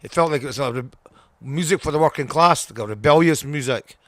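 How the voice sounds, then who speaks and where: A man's voice: fairly high pitch, fairly quick, fairly bright tone, no room sound. Blunt Scottish man in his sixties. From Scotland. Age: 60s. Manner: blunt, swears a lot, restarts sentences. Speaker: guest punk singer. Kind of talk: casual interview.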